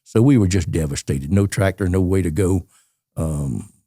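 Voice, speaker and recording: An elderly Georgia man in his eighties, with a Southern US accent, guests on a podcast in a storytelling interview, spinning long, colorful, rambling tales and laughing as he goes. His voice is low and warm, delivered at a moderate pace. The clean studio recording has no room sound.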